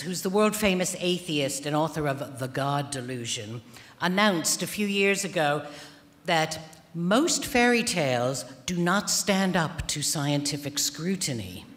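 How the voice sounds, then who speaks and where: A woman author giving a festival opening speech, retelling a fairy tale in a dry, ironic, deadpan way. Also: low voice, a little slow. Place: large theatre hall. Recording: long reverb of a large hall.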